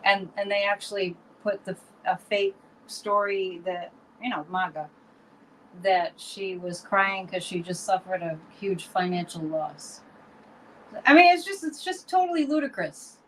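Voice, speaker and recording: A woman's voice: medium pitch, a bit bright, a little hiss or hum, low-quality recording. A woman co-hosting a podcast, chatty and emphatic, laughing easily as she talks. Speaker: podcast co-host. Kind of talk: casual podcast chat.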